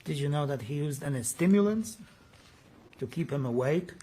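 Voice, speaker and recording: Man, slightly high voice, defense lawyer grilling a witness in court with pointed, leading questions. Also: animated, moderate pace, mellow. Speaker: defense attorney. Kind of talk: courtroom cross-examination.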